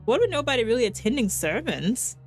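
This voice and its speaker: A woman's voice: medium pitch, wildly swooping pitch, fast, soft background music. A woman voicing a chatty, kindly middle-aged pastor's wife with a put-on accent. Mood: gushing.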